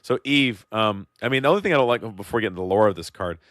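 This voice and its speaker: A man's voice: fairly low pitch, expressive, fast talker, fairly bright tone, dry recording, clean studio sound. A man with a Midwestern accent co-hosting a podcast, chatting casually and joking as he thinks aloud. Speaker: podcast co-host. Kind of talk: casual chat about a card game.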